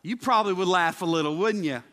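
High, bright-voiced man preaching. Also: fast, long reverb tail. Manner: chatty, asks the congregation questions. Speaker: pastor. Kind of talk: humorous sermon. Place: church sanctuary.

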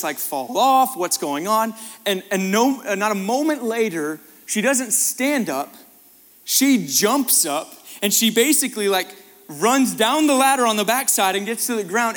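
A man's voice: high voice, a bit bright. A man preaching a sermon, telling a story with acted-out voices and building to emphatic passages. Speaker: pastor. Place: church hall. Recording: long hall reverb with faint music.

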